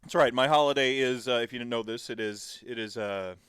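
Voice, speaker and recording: A man's voice: medium pitch, brisk, fairly bright tone, clean tone, no room sound, clean studio sound. A man hosting a podcast in casual chat, rambling and digressive as he tells stories. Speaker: podcast host.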